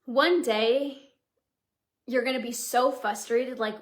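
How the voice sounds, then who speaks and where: This is a young woman with a bright, high-pitched voice, hosting her own motivational podcast. She talks as a coach in an earnest, heartfelt way. She leans on "like" and repeats her points. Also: normal speed. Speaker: podcast host and binge-eating coach. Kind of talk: motivational solo podcast monologue.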